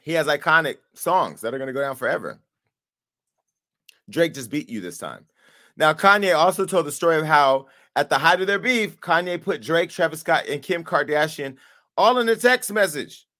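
A man's voice: fairly high pitch, animated, normal speed, sharp tone. A man hosting casual commentary who riffs in a playful, profane way. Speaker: commentary host.

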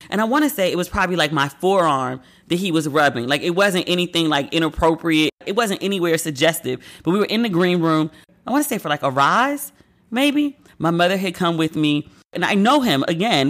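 A woman's voice: deep voice, fairly bright tone. A woman host in casual chat, telling candid, profane stories with playful acted asides. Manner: candid, profane, gossipy storytelling.

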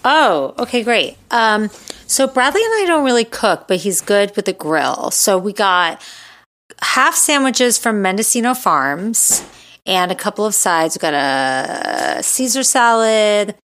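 A woman co-hosting a casual podcast, blunt and teasing, quick to call things gross. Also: mid-range voice, big pitch swings, a bit bright. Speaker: podcast co-host. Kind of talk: casual chat.

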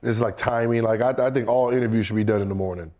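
A middle-aged man co-hosting a casual chat, animated and laughing, often mimicking other people's voices. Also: fairly low pitch, fast talker.

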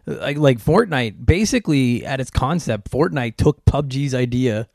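A man's voice: medium pitch, lively intonation, unhurried, vocal fry, a little mellow, dry recording. Male podcast host, loose and rambling, dry close mic. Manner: rambling, many filler words. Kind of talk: casual chat.

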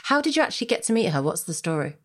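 A woman's voice: on the low side, sing-song, racing, fairly bright tone. A woman from the UK hosting an interview podcast, encouraging her guest and laughing along. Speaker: podcast host.

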